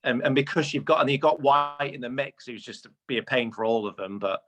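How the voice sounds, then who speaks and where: British man, fast stammering chat. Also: mid-range voice, fairly even intonation, a bit bright. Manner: quick bursts, stammering repeats. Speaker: podcast co-host. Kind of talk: casual chat.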